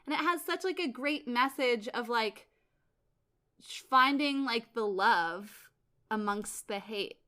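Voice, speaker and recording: A woman co-hosting a podcast, chatting casually about a play and acting out the characters in quick, animated asides. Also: a little high. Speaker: podcast co-host. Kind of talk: casual theater discussion.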